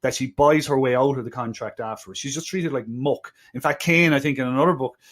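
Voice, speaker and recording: A man's voice: mid-range voice, a bit bright. A man co-hosting a film podcast, talking casually with lots of restarts and wry asides. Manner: halting, many restarts, wry. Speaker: podcast co-host.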